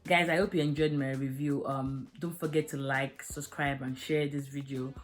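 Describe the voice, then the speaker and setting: A woman's voice: a bass voice, fairly even intonation, normal speed, soft background music. A young woman reviewing a drama episode, talking frankly and emotionally with many fillers. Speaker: series reviewer. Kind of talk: casual video review.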